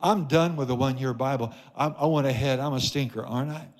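A man's voice: mid-range voice, a little fast, big-room sound. A man preaching a sermon as pastor in a church, emphatic with repeated phrases. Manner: emphatic, repetitive preaching cadence. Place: church sanctuary.

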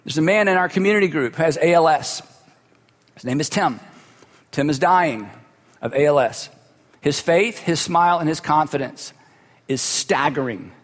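A man's voice: fairly high pitch, normal speed, long pauses. A man preaching a sermon as a pastor, telling stories in a conversational way with humorous asides. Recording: long hall reverb.

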